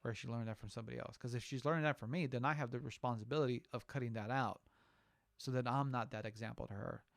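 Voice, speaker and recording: A man's voice: mid-range voice, steady tone, fast talker, vocal fry, no room sound, clean studio sound. A man co-hosting a casual podcast and talking as a father, rambling and often restarting his sentences. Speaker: podcast co-host; father of a young daughter.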